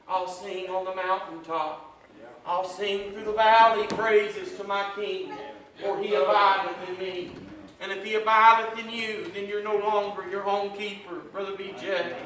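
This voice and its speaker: High-voiced fervent preacher man, echoey church. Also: a bit bright, slight background noise. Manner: fervent, many "uh" fillers, breaks into a half-sung chant. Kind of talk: sermon. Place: church sanctuary. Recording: very echoey church, mic far off.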